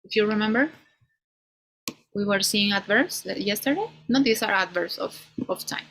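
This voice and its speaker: A woman teaching an English grammar class, explaining slowly and ending many points with "no?". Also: medium pitch, expressive, fairly bright tone, slight background noise, rough recording. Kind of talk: online class lecture.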